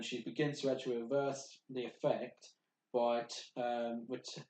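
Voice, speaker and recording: A man narrating a tabletop game as game master, halting with many ums and restarts. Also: medium pitch, darkish tone, a little hiss or hum. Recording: echoey room.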